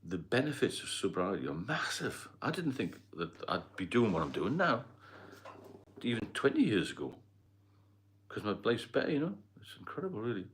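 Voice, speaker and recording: Rambling through viewer comments, a middle-aged livestream host from Northeast England chats casually in a Geordie-London blend of accent. He speaks at normal speed with a fairly low pitch and big pitch swings.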